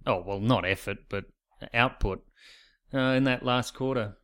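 A man's voice: mid-range voice, a little slow, a bit bright. An Australian man co-hosting a podcast in casual chat, with a wry, dry sense of humour. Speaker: podcast co-host.

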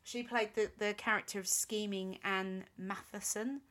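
A woman's voice: medium pitch, steady tone, measured pace, a bit bright. Woman podcast cohost, rambly chatty storytelling, lots of ums. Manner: rambling, chatty, with frequent ums and self-corrections. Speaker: podcast co-host. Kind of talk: casual chat, recounting a band's history.

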